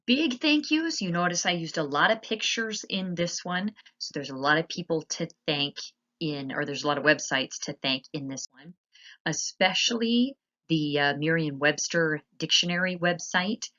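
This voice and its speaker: A woman with a notably low voice talks through a slide lesson as a teacher. She explains patiently and spells words out slowly. The audio is a little dull and muffled. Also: sharp tone.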